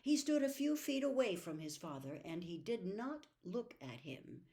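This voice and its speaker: A woman narrating a novel aloud in an expressive storytelling manner. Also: fairly high pitch, moderate pace. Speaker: reader. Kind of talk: audiobook narration.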